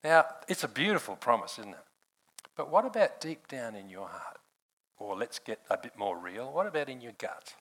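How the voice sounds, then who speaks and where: A man's voice: mid-range voice, big pitch swings, normal speed, fairly bright tone, poor audio. An older man preaching a sermon in a conversational way, laughing often and calling on people in the room by name.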